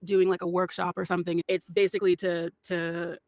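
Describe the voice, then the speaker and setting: A woman's voice: lowish voice, little pitch movement, fairly quick, a little mellow, dry recording. A woman voice actor, a guest on a podcast, chatting casually with lots of laughs, fillers and restarts. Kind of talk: casual podcast interview chat.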